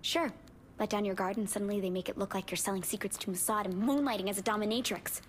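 An actress playing a paranoid young female hacker ally in a video game, with a dry, clipped, deadpan delivery. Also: medium pitch, quick pace, a little hiss or hum, lightly acted. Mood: wary. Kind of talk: video game cutscene dialogue.

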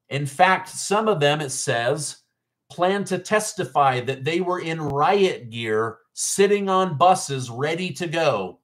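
A man with a medium-pitched, slightly bright voice hosts a political news livestream. He chats casually with his viewers, commenting on the news in an incredulous, mocking tone.

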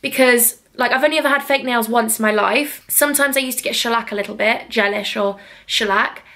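A woman's voice: on the high side, fairly quick, sharp tone. A young woman from England in her twenties, chatting casually to a handheld vlog camera at home, bubbly, rambling and self-mocking. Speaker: vlogger. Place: home, indoors.

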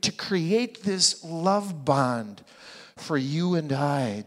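A male pastor preaches slowly, spacing out every phrase, with a voice pitched a little above the usual. He keeps putting rhetorical questions to his congregation and leans hard on his key words. His voice rings out in a church sanctuary with a long reverb. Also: a bit bright. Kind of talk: sermon.

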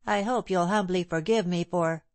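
A woman voicing a humble, timid working-class widow who pleads and apologizes, raised a little above her own lower voice. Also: moderate pace, a little mellow, no room sound, natural voice. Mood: timid pleading. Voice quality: ungrammatical, pleading speech.

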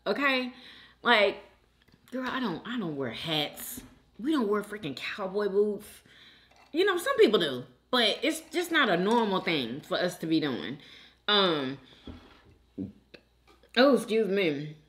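A woman from Houston, Texas hosts a mukbang and reads her live chat aloud, speaking slowly with an animated, mid-range voice. She's chatty and emotional, calling her viewers "girl" and "sis."

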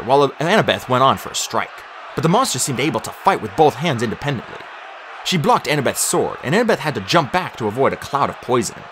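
A man reading an audiobook aloud in an animated, dramatic storytelling manner. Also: medium pitch, slight background noise. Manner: animated, dramatic storytelling with raised voice for shouted lines. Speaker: audiobook narrator. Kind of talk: audiobook narration.

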